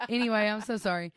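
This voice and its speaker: A young woman, co-hosting a casual podcast chat and telling a story with lively quoted voices. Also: mid-range voice, smooth, no room sound. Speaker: podcast co-host.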